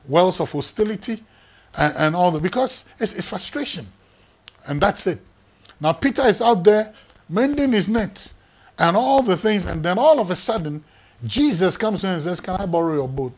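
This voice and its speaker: A man, preaching a sermon in an emphatic way, repeating phrases for effect. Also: sits high. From Ghana. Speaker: pastor.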